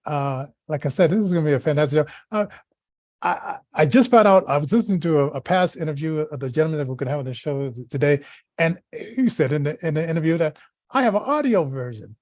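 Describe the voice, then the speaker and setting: A male co-host talks casually and warmly to his audience, often stumbling and restarting mid-sentence. His voice sits a little high, and the sound is dry and close. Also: expressive, fast, no echo. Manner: stammering, restarting, chatty. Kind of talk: casual talk show hosting.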